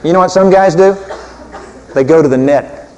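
Male preacher, higher-pitched, animated and humorous, long hall reverb. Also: moderate pace, slight background noise. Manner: animated, humorous, swinging from loud to soft. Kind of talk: sermon.

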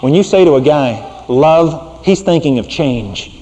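A middle-aged man preaching a sermon as a pastor, folksy and conversational, dropping to a hushed tone for serious points. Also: a little high, expressive, measured pace, long reverb tail.

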